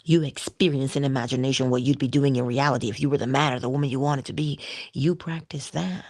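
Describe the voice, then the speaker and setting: A woman's voice: a bass voice, fairly even intonation, quick pace, a little mellow, dry recording, studio quality. A woman giving casual inspirational talk, chatty and playful, laughing often and sometimes dropping to a whisper. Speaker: inspirational speaker.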